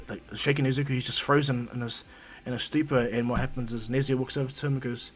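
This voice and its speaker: A man's voice: mid-range voice, little pitch movement, fast, faint music behind. A man improvising a fan fiction story in a rambling, conversational way.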